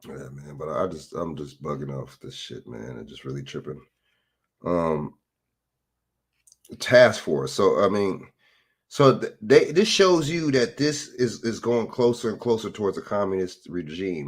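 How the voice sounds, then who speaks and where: Man, deep-ish voice, casual phone rant, rambling, rhetorical questions. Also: husky. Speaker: commentator.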